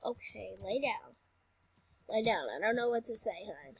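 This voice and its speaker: A woman's voice: mid-range voice, expressive, measured pace, creaky, husky. A woman chatting through a game role-play, often dropping into whispered asides.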